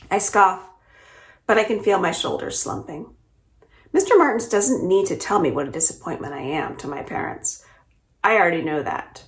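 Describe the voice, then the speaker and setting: A woman librarian reading the first chapter of a middle-grade novel aloud, with expressive, lively storytelling. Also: on the low side, moderate pace. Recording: roomy echo.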